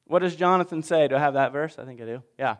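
A man preaching a lively, jokey story sermon, swinging between loud bursts and hushed asides. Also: fairly high pitch, quick pace, long reverb tail. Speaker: pastor.

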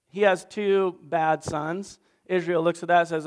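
A man's voice: on the high side, moderate pace. A man preaching a casual sermon recap in a conversational, self-deprecating way, acting out little voices. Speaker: pastor.

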